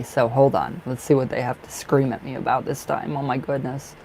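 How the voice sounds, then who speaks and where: A man giving tarot readings on a live stream in a casual, effusive way, chatting warmly to viewers by name and laughing often. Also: medium pitch, flat delivery, normal speed, creaky, slight background noise, low-quality recording. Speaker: tarot reader.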